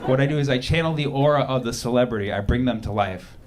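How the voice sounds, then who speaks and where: A man performing a stand-up comedy set on a club stage into a handheld mic, deadpan with sudden loud punchlines. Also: mid-range voice, fast talker. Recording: noisy live club recording with crowd laughter.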